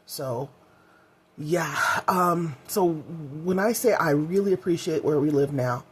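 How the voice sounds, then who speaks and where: A woman's voice: deep voice, slow, darkish tone, husky. A middle-aged woman vlogging in a candid, heartfelt way, rambling with fillers as she talks. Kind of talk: casual personal vlog.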